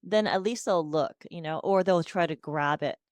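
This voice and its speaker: Heard here is a woman in her forties whose voice sits on the low side, speaking at a moderate pace with no room sound. As a speech-language pathologist guesting on a podcast, she keeps the interview conversational and shifts into a sing-song delivery when modeling speech for children.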